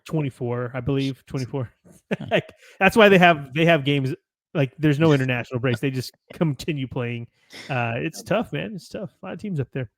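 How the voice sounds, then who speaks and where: A man's voice: mid-range voice, lively intonation, normal speed, no echo. An American man hosting a podcast, reading match results from notes with chatty asides and self-corrections. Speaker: podcast host.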